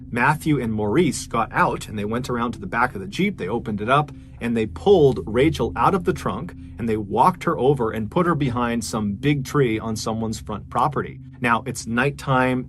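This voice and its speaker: A man tells a true crime story in a relaxed, conversational podcast manner, dropping in casual asides as he goes. His voice sits in an ordinary middle pitch. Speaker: podcast narrator.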